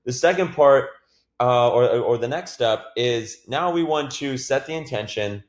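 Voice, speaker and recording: A man giving a casual, energetic sales training talk, swearing now and then and filling his speech with "like.". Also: medium pitch, a little slow, echoey room.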